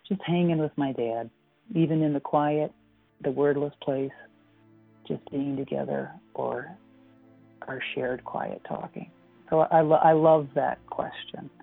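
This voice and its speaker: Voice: medium pitch, measured pace, gravelly, husky, no room sound. A guest reminiscing fondly in an interview, smiling and laughing often while speaking. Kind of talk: personal interview conversation. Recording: tinny phone-line audio with faint music.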